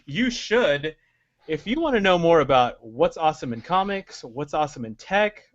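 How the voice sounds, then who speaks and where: A man's voice: a little high, big pitch swings, normal speed, no echo. A man hosting a casual podcast, enthusiastic and laughing often. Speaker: podcast host. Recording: slightly dull lo-fi audio.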